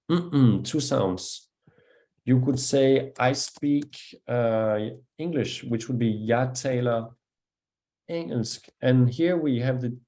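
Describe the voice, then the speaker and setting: Danish accent guy teaching pronunciation, patient and encouraging, mellow dark voice. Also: medium pitch. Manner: patient, encouraging, demonstrates sounds slowly. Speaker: language teacher. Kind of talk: one-on-one pronunciation lesson.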